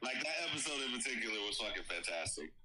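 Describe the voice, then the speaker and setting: A man's voice: mid-range voice, very animated, fast, low-quality recording. A man co-hosting a casual podcast chat, rambling with lots of fillers and frequent laughter. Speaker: podcast co-host.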